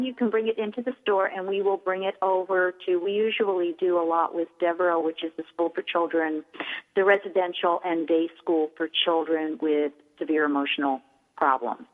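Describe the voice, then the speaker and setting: Middle-aged shop-owner guest, lively explainer, heard over a tinny line. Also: female voice, lowish voice. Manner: animated, explains with acted-out examples. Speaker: toy store owner, guest. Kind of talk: radio interview. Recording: tinny phone line with long reverb.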